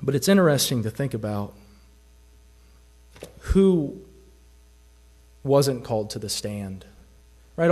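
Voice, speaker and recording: A man's voice: mid-range voice, a little mellow. Man preaching with rhetorical questions. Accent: American Southern. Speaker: pastor. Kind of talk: sermon.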